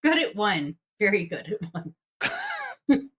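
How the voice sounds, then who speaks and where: A woman's voice: medium pitch, big pitch swings, takes it slowly, a bit bright, breathy edge. Playful woman guessing trivia answers. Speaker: quiz contestant. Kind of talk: casual game banter.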